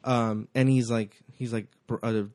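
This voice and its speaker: A man's voice: medium pitch, level tone, moderate pace, darkish tone, dry recording. A man co-hosting a casual movie podcast, telling anecdotes with frequent ums and restarts. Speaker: podcast co-host.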